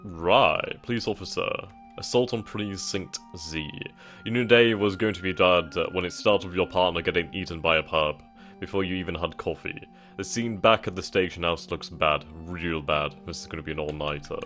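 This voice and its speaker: A man with a very low voice talks through a game's setup menus, reading text aloud and thinking as he goes. He hesitates and muses casually as he chooses options. Faint music plays under his voice. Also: normal speed, fairly bright tone. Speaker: gaming channel host. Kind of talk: casual let's-play commentary.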